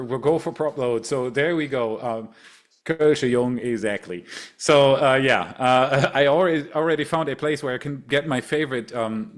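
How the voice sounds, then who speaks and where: Excited German-accented male stream host. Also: mid-range voice. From Germany, Rhineland. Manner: excited, talks fast with frequent repeated words. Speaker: livestream host. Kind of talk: casual livestream chat.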